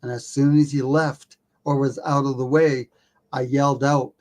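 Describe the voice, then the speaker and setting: A man in his usual middle-pitched voice spins a story as a podcast guest, lively and casual. He pokes fun at himself and drops a curse word here and there without a second thought. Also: normal speed. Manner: animated, self-mocking, swears casually. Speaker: podcast guest, documentary filmmaker.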